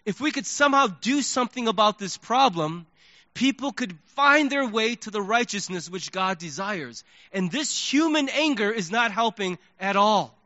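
A male pastor preaching a sermon, telling stories in an animated way and acting out his own thoughts. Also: high-pitched, moderate pace, no echo. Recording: dull lo-fi sermon recording.

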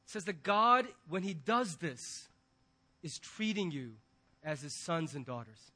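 A middle-aged man, a pastor, preaching a sermon and telling stories with animated quoted voices. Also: on the high side, measured pace.

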